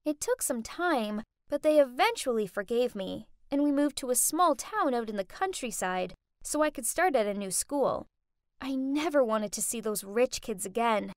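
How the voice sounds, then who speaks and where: A young woman narrating a first-person animated story in a dramatic, emotional way. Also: on the high side, normal speed, clear, resonant tone, no echo, studio quality.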